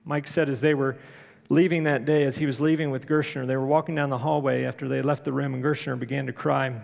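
A middle-aged man preaching a sermon, telling a story conversationally with many pauses and fillers. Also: medium pitch, little pitch movement, creaky, darkish tone. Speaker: pastor. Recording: long church reverb.

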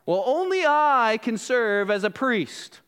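A man's voice: extremely high pitch, big pitch swings, takes it slowly, fairly bright tone, clear, resonant tone, voice pushed up, exaggerated voice. A man doing a boastful, rude ancient priest. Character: boastful proud male Levite priest.

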